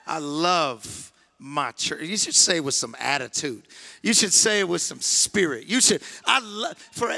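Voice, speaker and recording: Man, guest pastor, sermon, high voice, bright tone, repeats phrases, rises to passionate shouting. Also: gravelly. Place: church sanctuary.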